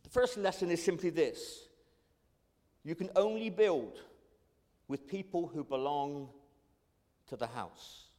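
A middle-aged man preaches a sermon from the front of a church, his voice sitting notably high for a man. He speaks earnestly and often stumbles into quick repeated words before pressing on. A long reverb from the church hall trails after each phrase. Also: warm tone. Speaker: pastor. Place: church sanctuary.

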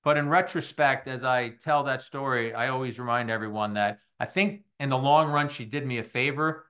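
With a mid-range voice at a normal speed, a middle-aged man on his sports podcast spins a lively, casual yarn, performing the voices of each character he quotes.

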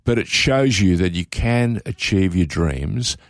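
A man's voice: low voice, animated, a little slow, dry recording. Enthusiastic male co-host, dry sound. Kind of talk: casual chat.

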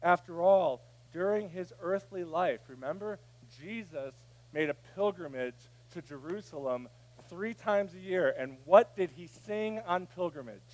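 A man preaching a sermon, dropping to a hush and then rising to a shout. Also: sits high, lively intonation, unhurried. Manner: preaching, swinging from hushed to shouting. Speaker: pastor.

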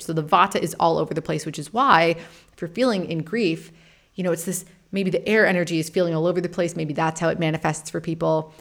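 A woman in her thirties hosting a podcast, telling a personal story in a frank, animated way, swearing casually and laughing often. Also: fairly low pitch, creaky. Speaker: podcast host and meditation teacher.

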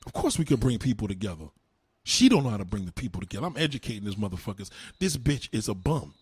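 Husky man in a lively, shouting rant. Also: fast. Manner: loud insulting outbursts, swinging between low mutters and high shouts. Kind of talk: heated profane rant to camera.

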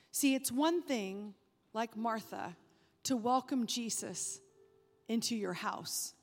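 A woman preacher delivering a sermon, emphatic, rising when animated and dropping soft to stress a point. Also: mid-range voice. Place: church sanctuary. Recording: reverberant hall with faint music.

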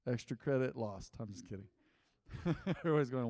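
A man as pastor, preaching a lively interactive sermon, joking with the congregation and repeating their answers. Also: medium pitch, brisk, dry recording, clean studio sound, in a large hall.

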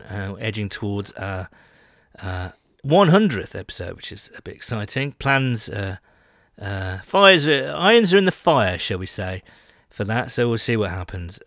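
A British man co-hosts a casual podcast from home in London, chatty and self-mocking. His voice is fairly low with a fairly bright tone, recorded close and dry.

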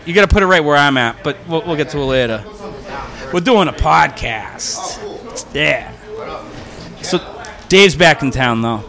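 A man's voice: fairly high pitch, a bit bright. A man hosting a podcast in casual chat, crude and joking, swearing a lot. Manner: crude, joking, heavy swearing, frequent laughs. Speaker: podcast host.

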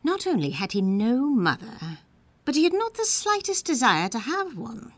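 Expressive woman reading a storybook. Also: fairly high pitch, normal speed, no echo. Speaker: narrator.

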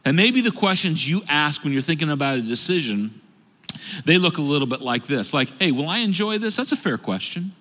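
A middle-aged male pastor delivers a sermon, shifting into playful acted quotes as he tells stories. His voice is bright and a little high. It rings with the long reverb of a large church hall. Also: fairly quick. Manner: animated storytelling with acted quotes. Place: church auditorium stage.

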